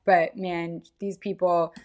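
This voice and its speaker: A woman's voice: on the low side, level tone, slow, a little mellow, dull audio. A woman co-hosting a podcast in casual chat, sympathetic and emphatic, stacking up her points with repetition. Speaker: podcast co-host.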